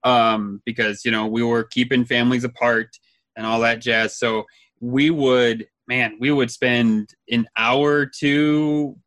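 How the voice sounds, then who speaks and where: A chatty man in his thirties co-hosts a casual podcast, quick to laugh and prone to trailing off. His voice is bright and forward, recorded dry and close. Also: medium pitch, fairly even intonation, no room sound. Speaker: podcast co-host.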